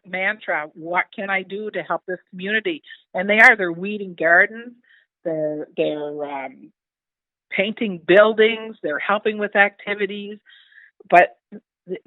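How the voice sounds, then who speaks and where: A woman's voice: on the low side, no room sound. Older woman, town mayor, earnest and heartfelt, phone-line audio. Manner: earnest, heartfelt, with frequent restarts. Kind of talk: casual interview chat.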